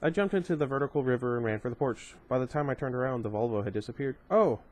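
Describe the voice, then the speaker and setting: A man's voice: medium pitch, racing, darkish tone. A man reading a novel aloud as a vlogger, chatty, often stumbling over words and correcting himself. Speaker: audiobook reader and vlogger.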